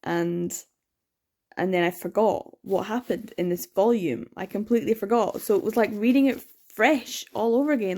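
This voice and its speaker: A young woman chatting excitedly in a late-night reading vlog, sleepy with her words slurring, gasping and laughing as she gushes about a book. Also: medium pitch, moderate pace. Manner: gushing and excitable, frequent laughs and gasps. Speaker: book vlogger.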